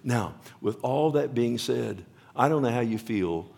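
A man's voice: mid-range voice, lively intonation, unhurried, creaky, a little mellow. A man preaching a sermon as pastor, earnest and often asking his listeners questions.

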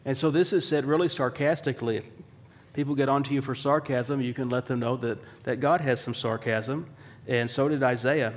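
Male pastor, mid-pitched, conversational sermon delivery, wry asides, rhetorical questions. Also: fairly even intonation, moderate pace. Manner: conversational preaching, asks the room rhetorical questions; dry wry humor.

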